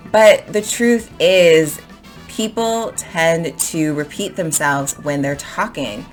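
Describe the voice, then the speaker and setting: A woman with a low-pitched voice teaches an English lesson, stressing words and repeating phrases to show how tone changes. Soft music plays faintly behind her. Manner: animated, emphatic, repeats phrases to model intonation. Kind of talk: explaining to camera in a lesson.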